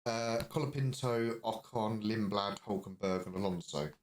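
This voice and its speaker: A man's voice: lowish voice, moderate pace. A man co-hosting a podcast, recounting race events in a brief, matter-of-fact way. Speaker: podcast co-host. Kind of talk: casual race recap chat.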